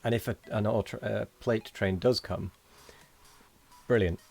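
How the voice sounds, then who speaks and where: A man's voice: on the low side, steady tone, measured pace, vocal fry, a little mellow. A man hosting a late-night game live stream, tired and rambling as he thanks viewers and chats with his co-player. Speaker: streamer host. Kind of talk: casual live-stream chat.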